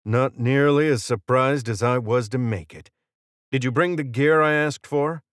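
A man reading the lines of a gruff male mercenary who talks in brusque, clipped banter. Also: mid-range voice, unhurried, no room sound, clean studio sound, pitched above the performer's own voice, lightly acted.

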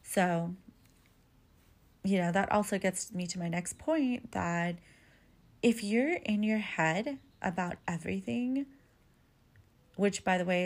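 A woman hosting a podcast, giving relationship advice in a candid, casual monologue that is full of swearing and "like" fillers. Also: fairly low pitch. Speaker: podcast host.

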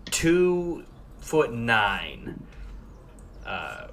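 A man's voice: mid-range voice, wildly swooping pitch, very slow, fairly bright tone, a little hiss or hum. A man narrating as game master of a tabletop game, loose and rambling with many fillers.

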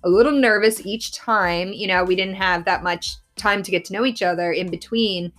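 A woman with a Philadelphia accent co-hosting a podcast, telling stories quickly in casual chat. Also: medium pitch, fairly bright tone, soft background music. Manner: fast, chatty storyteller. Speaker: podcast co-host.

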